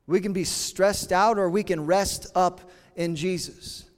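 A pastor preaching a sermon in an earnest, conversational way, with dramatic pauses. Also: male voice, high-pitched, steady tone, in a large hall.

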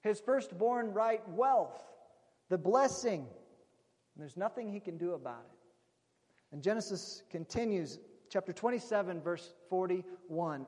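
A man's voice: sits high, lively intonation, measured pace, darkish tone. A man preaching a sermon, retelling a story in a conversational way and calling his listeners friends. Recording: long reverb of a large hall.

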